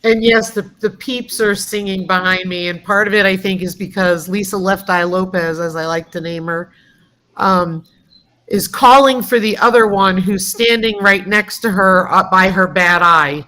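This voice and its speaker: Bright-voiced woman chatting on a farm livestream. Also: medium pitch, steady tone, moderate pace. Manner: chatty, storytelling with laughs. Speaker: livestream co-host. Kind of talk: casual chat. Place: home farm.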